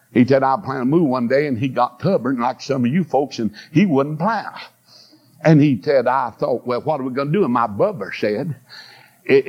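An older man preaching a sermon, telling stories with fillers and breaking into high, shouted, drawn-out bursts. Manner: storytelling with fillers and repeated "listen to me". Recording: dull lo-fi sermon recording.

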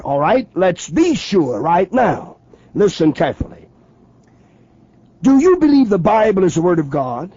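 A man's voice: sits high, dark tone, breathy edge, dry recording. A man preaching a radio sermon, emphatic and questioning the listener directly, on a dull lo-fi old broadcast.

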